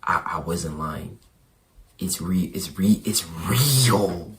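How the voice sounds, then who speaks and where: A hoarse young man with a lowish voice vlogs casually, stammering and repeating himself. His worn-out voice swings between quiet murmurs and loud bursts. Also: animated, slow, slight background noise. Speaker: basketball YouTuber. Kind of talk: excited casual vlog.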